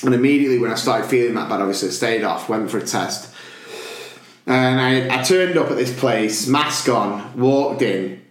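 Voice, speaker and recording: A man's voice: medium pitch, normal speed. A man co-hosting a podcast, telling stories animatedly in casual chat and laughing often. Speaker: podcast co-host. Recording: roomy echo.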